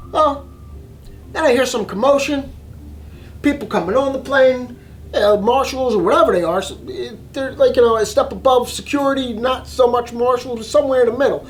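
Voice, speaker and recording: A man telling a story in an excitable way, acting out voices and reactions. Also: very high voice, slight background noise. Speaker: vlogger telling a travel story. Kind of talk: animated storytelling monologue.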